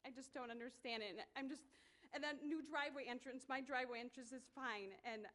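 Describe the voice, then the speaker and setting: A woman resident speaking at a city council public hearing, emotional and close to tears, halting and repeating herself. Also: high-pitched, fairly even intonation, fairly bright tone. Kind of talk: public comment at a council meeting. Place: council chamber.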